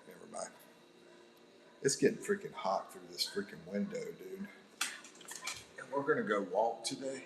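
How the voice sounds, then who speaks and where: Rambling middle-aged man, low voice. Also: fairly bright tone, a little hiss or hum, poor audio. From United States. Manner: rambling and chuckling. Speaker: livestream host. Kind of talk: casual live-stream chat. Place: indoors by a sunny window.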